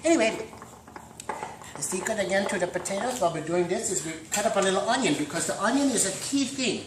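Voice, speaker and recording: A man hosting a mock home cooking demonstration, rambling through deadpan puns and dad jokes. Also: high voice, quick pace, background noise. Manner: deadpan punning, dad jokes, trailing asides. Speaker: host of a joke home cooking show. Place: home kitchen. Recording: echoey kitchen with clattering pots and cutlery.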